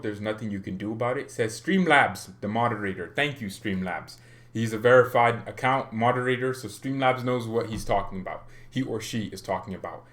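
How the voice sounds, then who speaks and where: A man hosting a casual livestream chat in a mid-range voice. He talks loosely and animatedly, often laughing, and his pitch leaps up whenever he gets worked up. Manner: animated, chatty, laughs often, pitch jumps when excited. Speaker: fan channel host on a livestream.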